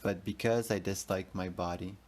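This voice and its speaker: A man's voice: deep voice, steady tone, normal speed, a little mellow. A man in his thirties, hosting a podcast as a rambling, profane, confessional solo monologue. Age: 30s. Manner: rambling, profane, emotional, talks to himself. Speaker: podcast host.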